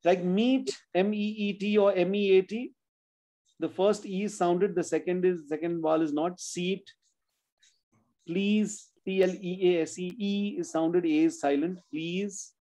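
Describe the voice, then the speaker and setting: A man's voice: high voice, steady tone, a little slow, dark tone, poor audio. Man, spelling teacher, online class for kids, patient, spells words out letter by letter. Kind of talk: online spelling lesson for children.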